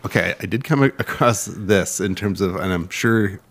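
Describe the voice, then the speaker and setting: A man's voice: sits low, moderate pace, fairly bright tone, dry recording. A man co-hosting a podcast in casual chat, laughing often and restarting his sentences. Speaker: podcast co-host.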